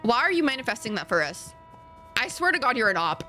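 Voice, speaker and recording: A woman's voice: on the high side, sing-song, fast, sharp tone, faint music behind. Crude, joking woman streamer. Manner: crude, joking and swearing freely. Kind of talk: casual gameplay chat with a co-op partner.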